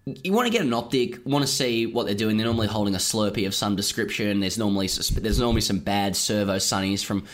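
Dry-humored man, low voice. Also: fast talker, hardly any pauses. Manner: dry, wry storytelling, reads listener letters aloud. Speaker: podcast co-host. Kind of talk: casual chat.

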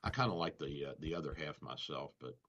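A man's voice: a bass voice, lively intonation, fast talker, a bit bright. A man hosting a radio show as a doctor, in casual banter, rambling and telling stories with chuckles. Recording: dull lo-fi radio audio.

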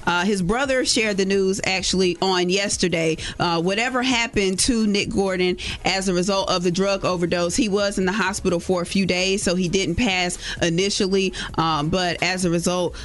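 A woman's voice: lowish voice, fairly even intonation, moderate pace, few pauses. A woman hosting a morning radio show, recapping news in a chatty storytelling way.

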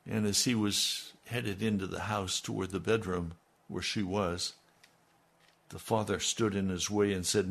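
Male preacher, gravelly and husky, folksy sermon storytelling with asides. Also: sits low, steady tone, unhurried, fairly bright tone. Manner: folksy retelling with conversational asides.

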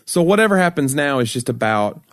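A man's voice: medium pitch, big pitch swings, a little fast, a bit bright, no room sound, clean studio sound. A man co-hosting a podcast in casual chat, joking and teasing. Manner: joking, teasing, breaks into mock impressions. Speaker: podcast co-host.

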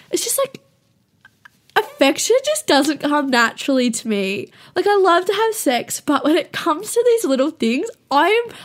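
A woman's voice: high voice, sing-song, unhurried. A young woman hosting a show, telling rambling, self-mocking stories to listeners in a casual, profane way and laughing often.

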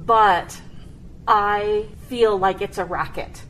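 A woman's voice: mid-range voice, takes it slowly, fairly bright tone, slight background noise, poor audio. A woman hosting an interview, asking chatty questions with frequent giggles. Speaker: radio host.

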